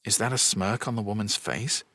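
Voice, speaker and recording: A man's voice: on the low side, moderate pace, bright, forceful tone, no room sound. A man voicing a young nobleman who speaks in a guarded, grudging way.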